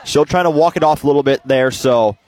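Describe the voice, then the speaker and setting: Relaxed football color commentator man. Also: medium pitch, a little fast. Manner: relaxed, analytical, agreeable.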